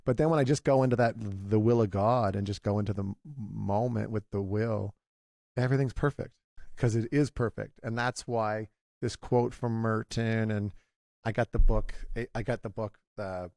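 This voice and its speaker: A man in his forties, talking in a halting, confessional way, with many restarts, as a guest in a candid conversation. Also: fairly low pitch, steady tone, gravelly, darkish tone, dry recording, clean studio sound. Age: 40s.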